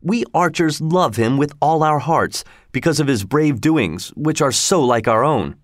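A man voicing a bold, cheerful outlaw leader in a storybook reading, speaking in a jaunty, mocking way with a raised pitch. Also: animated, measured pace, dry recording, studio quality. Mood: proud.

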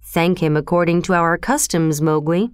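A woman voicing a protective male panther in a storybook reading, with measured, urging speech. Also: lowish voice, clean tone, no room sound, studio quality, close to an everyday voice. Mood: urgent.

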